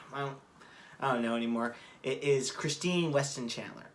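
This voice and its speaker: Man, average-pitched voice, casual profane rambling commentary, restarts often. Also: normal speed, slight background noise. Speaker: vlogger. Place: room at home.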